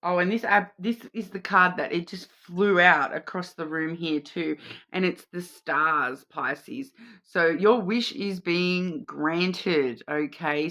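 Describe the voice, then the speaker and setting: A woman's voice: low voice, bright, forceful tone. A woman with an Australian accent, giving a casual, reassuring card reading to camera, chatty, with many fillers and restarts. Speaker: card reader.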